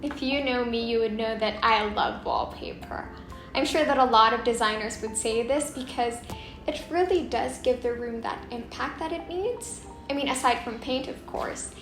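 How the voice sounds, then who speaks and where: A woman's voice: on the high side, normal speed, fairly bright tone, reverberant. A woman from the Philippines hosting a home design vlog, talking casually and with enthusiasm about design choices. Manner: enthusiastic, shows off samples with a chatty, descriptive flow. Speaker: interior designer and vlog host. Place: home under renovation, indoors. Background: background music, occasional banging.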